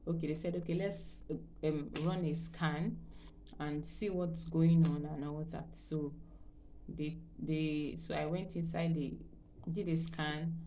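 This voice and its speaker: A woman's voice: low voice, steady tone, measured pace, dark tone, a little hiss or hum. A woman vlogger telling her own pregnancy story in a rambling, emotional way, full of fillers and repeats. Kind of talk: personal storytelling.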